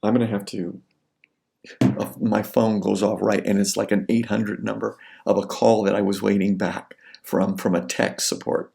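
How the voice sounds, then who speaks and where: Gravelly, conversational male lecturer. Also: on the low side, flat delivery, normal speed, warm tone. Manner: conversational, acts out scenarios in quoted voices. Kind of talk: casual classroom lecture.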